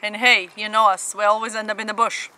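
A woman's voice: medium pitch, level tone, a little fast, pushed and bright, poor audio. A woman hosting a casual family eating show, chatting enthusiastically between bites with lots of mm-hmms, sitting on the ground outdoors at a festival. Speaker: family channel host. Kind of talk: casual mukbang eating chat. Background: faint festival noise.

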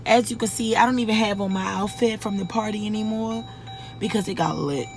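A woman's voice: mid-range voice, brisk, soft background music. A tipsy young woman in her twenties from Baltimore, ranting and cursing while she vlogs from a parked car. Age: 20s. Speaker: vlogger. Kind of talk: casual vlog chat. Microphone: handheld camera.

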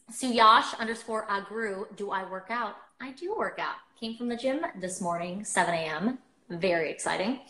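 A woman's voice: medium pitch, a bit bright. A young woman hosting a casual livestream from her phone, bubbly and chatty, with lots of filler words. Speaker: livestream host. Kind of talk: casual chat. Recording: roomy echo.

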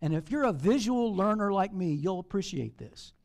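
A man, a pastor, preaching a sermon in an animated, playful way with acted asides. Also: high-pitched, normal speed. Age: over 40.

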